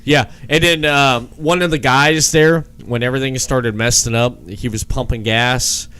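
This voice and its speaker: A man's voice: mid-range voice, steady tone, normal speed, sharp tone, smooth. A man co-hosting a casual film podcast, chatting loosely and acting out bits of dialogue. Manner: laughs often, acts out characters' lines. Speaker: podcast co-host.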